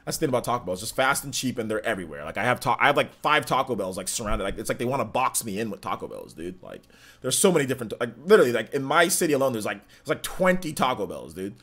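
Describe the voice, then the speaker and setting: Brief: young male streamer, mid-pitched, casual rambling chat with viewers, plenty of ums and likes. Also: big pitch swings, racing, a bit bright. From California. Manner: rambling, filler-heavy, reads chat aloud. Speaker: streamer host.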